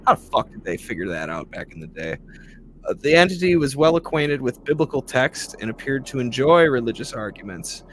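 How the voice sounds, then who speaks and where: A man's voice: mid-range voice, lively intonation, fairly quick, slight background noise. A man hosting a podcast, reading a ghost story aloud and breaking off into profane, laughing asides.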